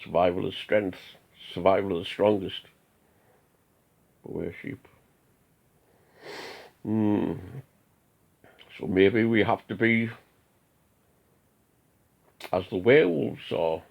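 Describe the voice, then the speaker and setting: A man's voice: deep voice, slow, gravelly, pauses often, darkish tone. A man from an Odinist group giving a preachy, defiant rant full of rhetorical questions. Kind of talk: ranting monologue. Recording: tinny phone-like audio.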